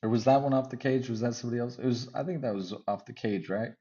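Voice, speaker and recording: A man talking through his fight picks in a put-on Australian accent, rambling and thinking out loud as he second-guesses himself. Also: medium pitch, quick pace, lo-fi sound. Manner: rambling, thinking aloud, self-correcting. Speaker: MMA fight picks commentator. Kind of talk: casual fight-pick chat.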